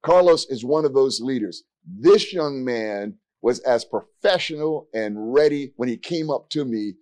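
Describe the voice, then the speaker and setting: A man's voice: mid-range voice, lively intonation, unhurried, a little mellow, no room sound. A man in his sixties moderating a panel discussion from a podium, with folksy joking asides. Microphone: podium mic.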